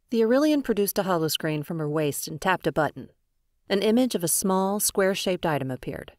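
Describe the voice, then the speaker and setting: A woman narrating a science fiction audiobook in a steady, even storytelling way. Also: on the low side, brisk, no room sound, studio quality. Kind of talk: scripted narration.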